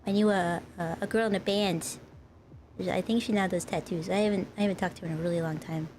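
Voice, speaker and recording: A woman's voice: fairly low pitch, fairly even intonation, quick pace, darkish tone, a little hiss or hum. Chatty woman streamer, rambling. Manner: rambling, chatty, talks to chat. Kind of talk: casual live-stream chat.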